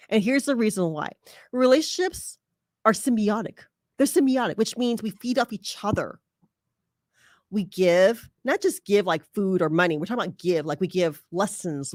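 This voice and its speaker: A woman's voice: on the low side, no room sound. Woman, podcast host giving relationship advice, chatty and prone to laughing, close dry mic. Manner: chatty, laughs often, frequent fillers.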